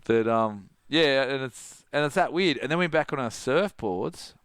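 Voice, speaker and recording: A middle-aged Australian man, a surf coach, telling a story in casual chat, animated and laughing, full of "like". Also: medium pitch, a little slow, slight background noise. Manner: animated, laughing, heavy use of "like".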